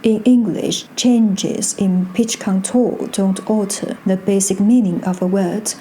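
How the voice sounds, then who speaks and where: A woman gives a scripted pronunciation lesson, speaking slowly and deliberately. Her voice is soft and mellow, with a faint hum of room noise behind it. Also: medium pitch, fairly even intonation. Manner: slow, careful delivery with drawn-out tone demonstrations. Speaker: Mandarin teacher and channel host.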